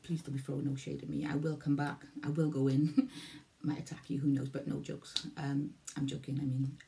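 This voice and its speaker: Rambling gravelly-voiced Welsh woman vlogger. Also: deep voice, level tone, normal speed, dark tone. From Wales. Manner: rambling, repeats herself, loses her thread. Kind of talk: casual vlog talk to camera.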